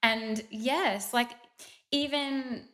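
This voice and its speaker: A woman co-hosting a podcast, encouraging her guest with warm affirmations. Her voice sits a little high, and she keeps the conversation upbeat and chatty. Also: drawn-out words, faint music behind. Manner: enthusiastic, affirming, laughs often. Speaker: podcast co-host. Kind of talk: casual podcast chat.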